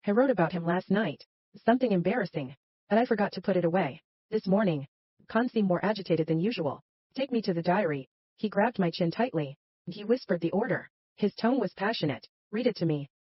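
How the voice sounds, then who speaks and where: A woman tells a first-person romance story in a dramatic way, sighing between lines. Her voice is breathy. The recording is dry and a little dull. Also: mid-range voice, no echo. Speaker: narrator.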